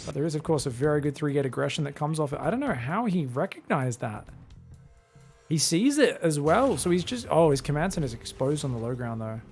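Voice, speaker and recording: A young man calls a strategy game solo in a loose, chatty play-by-play. His voice sits a little high with a gravelly, fry-edged texture, and a soft music bed plays behind him. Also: brisk. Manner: casual, chatty, bursts into loud excited yelling. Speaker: esports caster.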